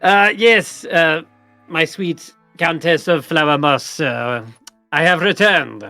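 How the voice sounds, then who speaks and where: A man's voice: a little high, slow, vocal fry, sharp tone, no echo, faint music behind, pitched above the performer's own voice, full character voice. A man playing a pompous frog duke. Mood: fond. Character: pompous male frog duke, balloon inventor.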